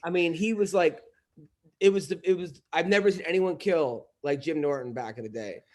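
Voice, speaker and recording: A man's voice: a little high, normal speed, a little hiss or hum. A man, a comedian, telling rambling stories in casual podcast chat, full of fillers and restarts. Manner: rambling storytelling with lots of fillers. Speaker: comedian guest.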